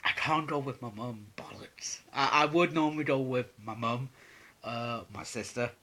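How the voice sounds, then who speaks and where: A man's voice: medium pitch, normal speed, sharp tone. A young man answering viewer questions in a casual vlog, rambling and swearing with lots of "um"s. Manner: rambling, sweary, many fillers.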